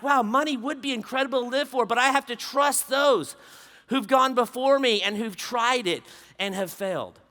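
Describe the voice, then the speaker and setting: A man preaching to a conference crowd, telling stories in an animated way, acting out dialogue and dropping to a hush for somber moments. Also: very high voice, moderate pace. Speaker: conference speaker. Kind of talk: storytelling sermon. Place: large conference stage.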